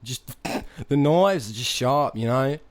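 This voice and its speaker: A man's voice: medium pitch, animated, slow pace. Brief: man doing a cocky Australian paintball guy, mock Aussie accent, boastful. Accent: put-on Australian. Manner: boastful, says "mate" constantly. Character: brash male Australian paintball manufacturer "Dingo".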